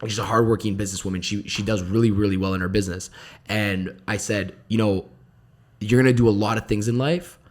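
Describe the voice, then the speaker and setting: A young man as a podcast guest in casual chat, telling stories quickly and acting out what people said to him. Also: fairly low pitch, steady tone. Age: young adult. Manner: fast storytelling, acts out quoted dialogue, many "I'm like".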